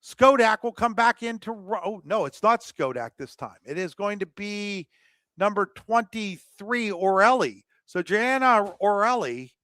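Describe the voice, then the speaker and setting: A man doing live softball play-by-play commentary, chatty between pitches and rising in excitement on the plays. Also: a little slow, no room sound, clean studio sound.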